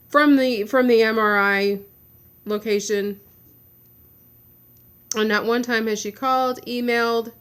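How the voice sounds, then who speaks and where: A woman's voice: on the high side, a bit bright. Woman venting in a frustrated rant. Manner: blunt, swears. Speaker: vlogger. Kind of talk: personal video update.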